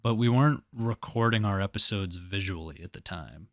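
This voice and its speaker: A man's voice: low voice, normal speed, no room sound, clean studio sound. A man co-hosting a podcast in casual, crude chat, telling stories with acted-out quotes. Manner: animated storytelling with acted-out quotes. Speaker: podcast co-host.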